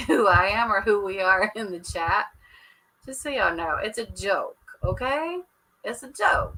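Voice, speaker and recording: A woman's voice: mid-range voice, bright, forceful tone, breathy edge, poor audio. A woman hosting a casual live chat, sassy and joking, laughing often as she talks to her viewers. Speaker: livestream host recapping a reality show.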